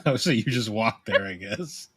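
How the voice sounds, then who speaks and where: A man co-hosting a podcast in casual chat, laid-back with dry, deadpan teasing. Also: lowish voice, a little slow, husky, no room sound. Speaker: podcast co-host. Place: podcast studio.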